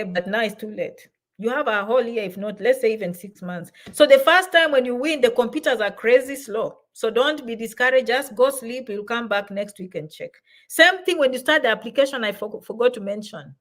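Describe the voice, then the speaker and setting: A middle-aged woman chats on a casual livestream, her voice pitched a little high. She reads out viewers' comments and answers them warmly, in an easy, familiar way.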